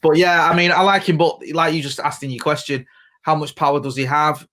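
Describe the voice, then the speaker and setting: Fast-talking Manchester man telling stories. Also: a little high, steady tone, fairly bright tone. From Greater Manchester, England. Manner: chatty storyteller, swears freely, laughs often. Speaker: podcast co-host, former reporter. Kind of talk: casual podcast chat.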